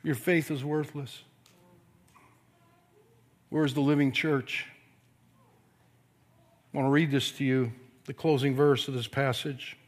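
A pastor preaching a sermon, swinging from quiet, low passages to forceful yelling. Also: male voice, level tone, unhurried, pauses often.

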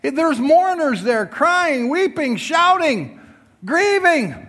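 High-voiced preacher swinging loud to soft. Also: male voice, sing-song, slow pace, in a large hall. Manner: jokes with the congregation. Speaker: pastor. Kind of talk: sermon. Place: church before a congregation.

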